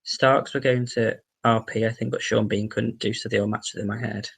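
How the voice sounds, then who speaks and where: A man's voice: lowish voice, steady tone, brisk, gravelly, a bit bright, breathy edge. A young man from England chatting casually on a livestream from home, rambling through restarts, fillers and casual swearing. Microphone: webcam.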